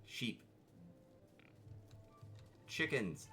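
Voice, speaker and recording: A man streaming a video game, playful and excitable, chatting his way through and greeting the animals. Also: sits low, unhurried, soft background music. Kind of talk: casual gameplay commentary.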